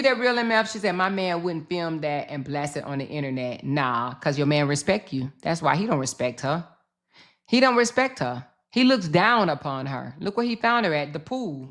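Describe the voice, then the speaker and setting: A woman hosts a casual live stream at a mid pitch. She talks bluntly and swears freely, in a lively, mocking way. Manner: blunt, profane and animated, thanking viewers and mocking the subject. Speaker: live-stream commentary host.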